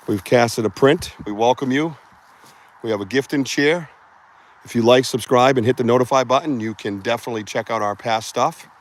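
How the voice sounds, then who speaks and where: A middle-aged man with a somewhat low voice hosts a live stream from the woods. He rambles in a loose, casual way and swears freely. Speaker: host of a live Bigfoot research show. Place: outdoors in the woods.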